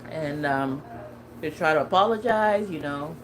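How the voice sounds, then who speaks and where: A woman's voice: low voice, a little slow, a little hiss or hum, low-quality recording. A woman in her thirties chatting casually as a lifestyle vlogger, laughing often and talking with many fillers and restarts. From California. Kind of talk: casual chat.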